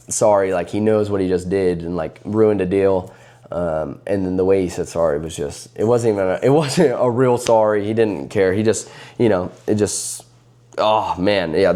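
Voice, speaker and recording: A man with a low, mellow, warm voice tells a story to camera in a casual, rambling way. He restarts his sentences often and acts out the people he is talking about. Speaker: card vendor vlogger.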